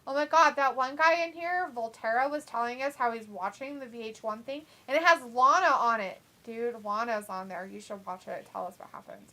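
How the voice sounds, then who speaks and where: Young female stream host; bright, slightly high voice, giggly and playful. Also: moderate pace, few pauses. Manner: giggly, playful, sing-song outbursts. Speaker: watch-along stream host. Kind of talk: casual live-stream chat, reading out chat messages.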